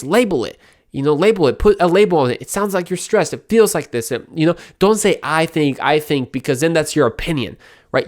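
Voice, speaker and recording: A man with a slightly high voice talks earnestly to his audience in a casual advice style. He often trips over and repeats his words, then slows down to act out little example lines of dialogue. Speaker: podcast host. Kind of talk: casual advice talk to camera.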